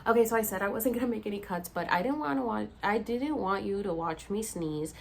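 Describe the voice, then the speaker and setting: A woman's voice: medium pitch, a little fast, gravelly. A woman in her thirties, tired and rambling, telling a personal story to camera in a casual vlog with plenty of fillers. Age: 30s. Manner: chatty, rambling, heavy use of "like" and "um". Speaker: vlogger.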